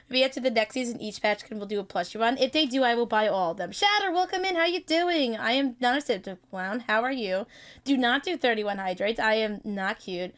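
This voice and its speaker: A woman streaming live in casual chat, excitable and laughing often, with bursts of mock-outraged swearing. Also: a little high, brisk. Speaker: streamer hosting a chat with creators.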